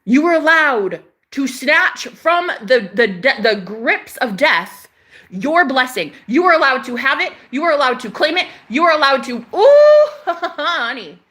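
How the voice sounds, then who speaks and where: A woman delivers an impassioned spiritual pep talk, swearing freely and hammering phrases again and again. Her voice sits a little high and rings bright and sharp, with sudden loud bursts that drop into hushed prayer. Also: expressive, unhurried. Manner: emphatic and profane, repeating phrases for emphasis; swings between loud outbursts and soft murmured prayers. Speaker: spiritual channeler.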